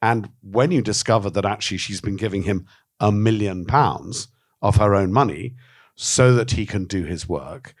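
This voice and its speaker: A man with a very low voice speaks candidly in an interview. He tells stories with animation and swears freely. He acts out the voices of the people he quotes. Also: moderate pace. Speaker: documentary filmmaker, interviewee.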